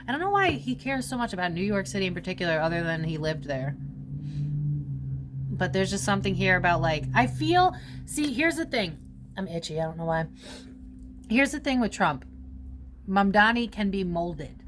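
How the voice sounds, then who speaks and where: Woman psychic, chatty unscripted reading, mid pitch, loose and rambling, light room hum. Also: expressive, normal speed, long pauses. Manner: rambling, swears casually, many fillers. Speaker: psychic reader. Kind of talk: casual psychic reading monologue.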